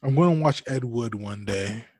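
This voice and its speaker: A man's voice: medium pitch, moderate pace, a little mellow, breathy edge, no room sound, clean studio sound. A young man co-hosting a podcast about movies, playful and self-deprecating in casual chat. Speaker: podcast co-host.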